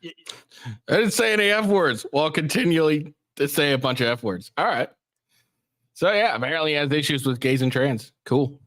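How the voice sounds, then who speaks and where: A man's voice: a little high, lively intonation, normal speed, fairly bright tone, no echo, studio quality. A man doing casual, profane commentary on news clips, rambling with many fillers and restarts. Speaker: commentary streamer reacting to clips.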